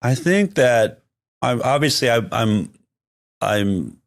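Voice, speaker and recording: A man's voice: mid-range voice, expressive, slow, no echo. A man speaking as an interview guest in casual conversation, emphatic and often restarting his sentences.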